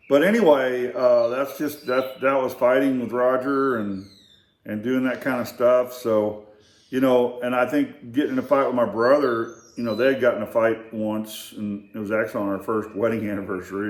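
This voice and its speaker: An older man casually telling family stories, in a rambling, halting way with many fillers and restarts. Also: fairly low pitch. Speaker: storyteller. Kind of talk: casual storytelling. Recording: echoey room.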